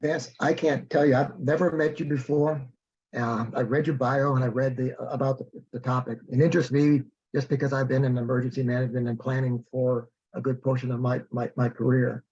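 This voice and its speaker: A middle-aged man moderating an online event, speaking haltingly, with many restarts. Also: mid-range voice, level tone, darkish tone, slightly rough, dull audio.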